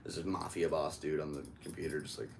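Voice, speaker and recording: A man's voice: rumbling low, level tone, fast talker, vocal fry, a little hiss or hum. A man hosting a podcast, telling a story in casual chat, laughing often and acting out other people's lines. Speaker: podcast host.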